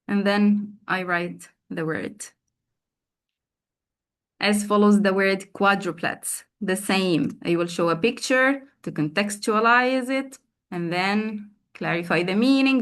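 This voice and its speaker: Woman, mid-pitched, slow and patient teacher trainer on a video call, repeats words for drills. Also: animated, fairly bright tone. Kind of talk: online teacher training session.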